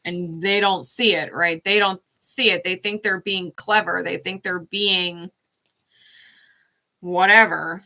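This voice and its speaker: A woman's voice: on the low side, slow pace, rough recording. Blunt, cussing woman tarot reader. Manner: blunt, profane, animated. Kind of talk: casual tarot reading.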